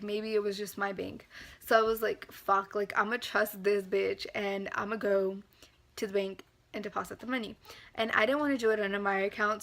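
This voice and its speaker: A woman's voice: mid-range voice, creaky, a bit bright. A young woman telling a storytime vlog in casual, profane talk, filled with "like" and angry rants. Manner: profane, heavy use of "like", rants. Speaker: vlogger.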